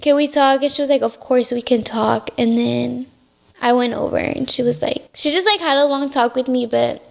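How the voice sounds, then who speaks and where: A young woman from a Mexican-American family tells a personal story as a podcast guest, sprinkling in lots of "likes" and Spanish words. Her voice is high and gravelly, and she speaks at a moderate pace.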